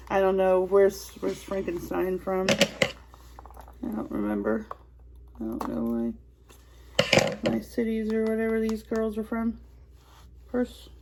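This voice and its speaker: A woman's voice: medium pitch, slow, creaky, pauses often, background noise. A woman vlogger chatting casually while unboxing a toy, giggly and rambling.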